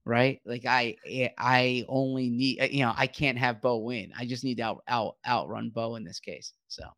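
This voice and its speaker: A man's voice: mid-range voice, steady tone, moderate pace, a bit bright. A man in casual podcast chat, hesitant, stammering and restarting his sentences.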